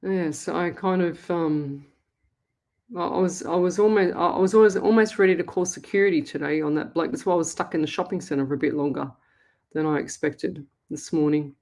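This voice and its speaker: A middle-aged Australian woman, a psychic medium, hosts a live call-in radio show, giving readings and chatting in a blunt, scolding yet chatty way. Her voice is on the low side, brisk and a little mellow.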